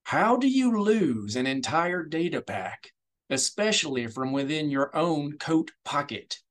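A man voicing a tense male rebel contact who speaks low and quiet, holding back his anger. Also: very animated, unhurried.

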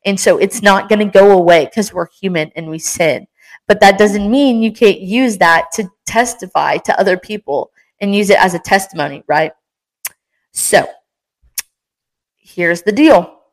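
A woman's voice: medium pitch, measured pace, poor audio. A young woman hosting a casual faith podcast, talking with passion and energy in a rambling, encouraging way. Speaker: podcast host.

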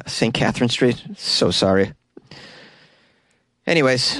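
A man's voice: mid-range voice, moderate pace, pauses often, dry recording. A young man with a Boston accent hosting a solo podcast from a small closet studio, joking and self-deprecating with frequent laughs. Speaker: podcast host. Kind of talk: casual solo podcast chat.

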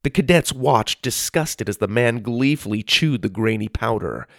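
A man reading a children's story aloud as narrator, in an expressive storytelling manner. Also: mid-range voice, moderate pace, dry recording, studio quality.

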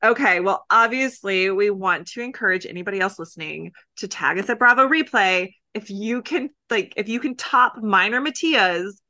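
A woman's voice: medium pitch, animated, normal speed, hardly any pauses, pushed and bright. A young adult woman co-hosting a podcast, chatting casually and rambling through jokes. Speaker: podcast co-host. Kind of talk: casual chat.

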